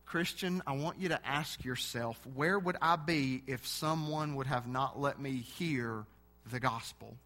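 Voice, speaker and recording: A man's voice: on the high side, sharp tone. A man preaching a sermon, speaking earnestly to his church and telling a personal story.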